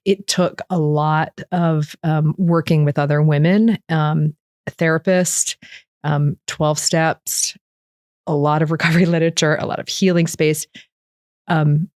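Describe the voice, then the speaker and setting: A woman's voice: low voice, measured pace, dry recording, clean studio sound. A middle-aged woman speaking earnestly in a candid interview, often acting out what she and others said. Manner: earnest, quotes herself and others in animated re-enactments. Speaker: guest sharing recovery story.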